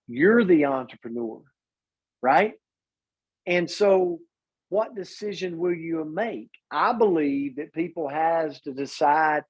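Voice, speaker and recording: A man's voice: a little high, animated, slow pace, husky, highs cut off. A man hosting a business video call, rallying listeners with direct questions.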